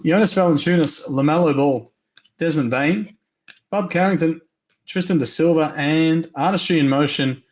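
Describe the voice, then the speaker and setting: A man hosting a live trading card break, rattling off names quickly and upbeat, his voice going hoarse. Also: fairly high pitch. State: losing his voice.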